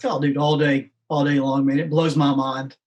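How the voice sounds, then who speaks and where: Man, podcast guest, relaxed chat, slightly high voice. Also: normal speed, muffled recording. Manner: relaxed, laid-back, frequent fillers like "uh" and "man". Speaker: guest, founder of a veterans' nonprofit. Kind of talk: casual podcast interview.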